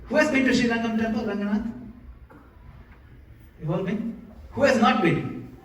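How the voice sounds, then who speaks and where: A temple lecturer gives a sermon in a hall, putting questions to the audience and showing them how to chant. His voice is very high and a bit bright, at a moderate pace. He was recorded from a distance, and the hall sounds echoey.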